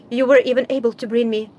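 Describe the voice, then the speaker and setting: Gentle male game hero, soft and measured, read by a woman; cast a calm, steady voice, not theatrical. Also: fairly high pitch, muffled recording, close to an everyday voice. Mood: tender.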